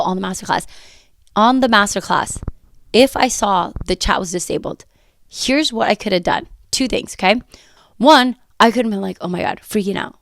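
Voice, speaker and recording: A woman's voice: medium pitch, dry recording, clean studio sound. A woman hosting a motivational podcast as a coach, talking emphatically with lots of repetition, her voice a bit worn from a recent illness. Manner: energetic, emphatic, talks with repetition and quoted self-talk. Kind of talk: casual motivational podcast talk. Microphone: close podcast mic.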